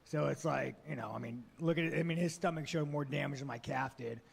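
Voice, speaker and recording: Brash, gravelly man at a press conference. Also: fairly high pitch, fast talker. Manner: brash, swearing, joking. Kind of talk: profane casual press talk.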